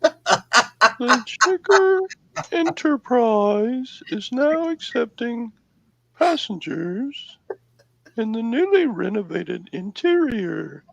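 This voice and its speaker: A man putting on a mock automated voice as a formal starship announcer, drawn out slowly. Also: very high voice, big pitch swings, gravelly, a little mellow, voice pushed up, full character voice, poor audio. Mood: announcing. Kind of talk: joking impression.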